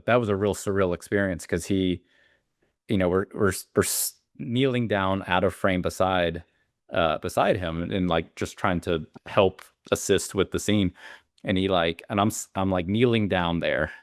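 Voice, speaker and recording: A low-pitched man from Alabama, a beekeeper guest, rambles through stories in a casual interview, full of fillers and restarts. The recording is studio quality with no echo.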